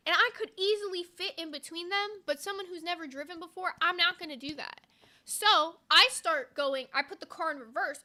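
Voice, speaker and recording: A young woman chats on a casual podcast, her voice high and very bright. She tells stories in an animated, profane way, scattering "like" through every sentence. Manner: profane, animated storytelling with frequent "like". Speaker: podcast co-host. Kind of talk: casual storytelling chat.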